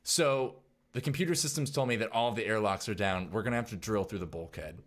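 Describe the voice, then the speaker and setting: A man voicing a blunt, hurried woman android in a sci-fi tabletop game. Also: on the low side, a bit bright, lightly acted. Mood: urgent. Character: brusque woman android on the run.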